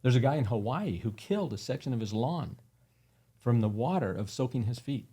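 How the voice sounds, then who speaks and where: The guest, a company founder, tells earnest stories in a casual interview, using lots of fillers. He speaks fairly quickly and expressively, his mid-range voice dark in tone with a breathy edge.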